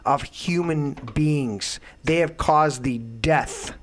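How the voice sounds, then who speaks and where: A man hosting a talk show, delivering a heated, profane political rant that swings into loud outbursts. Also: on the high side, very slow. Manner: profane, emphatic, swings to shouting. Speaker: show host.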